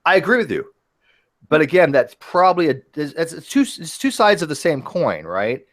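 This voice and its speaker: A man hosting a casual podcast chat, talking in animated bursts with frequent restarts and casual swearing. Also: fairly high pitch, moderate pace. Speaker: host.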